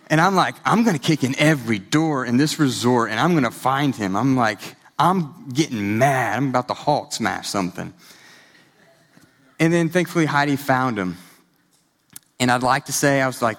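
A man in his thirties giving a sermon, telling a story in a conversational way, with animated bursts. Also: medium pitch. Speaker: pastor. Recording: long hall reverb.

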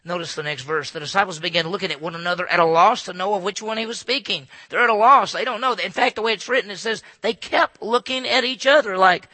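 High, gravelly man preaching a sermon. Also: fairly quick, no room sound. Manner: animated, acts out disciples' asides in hushed voices. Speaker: pastor. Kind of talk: expository sermon.

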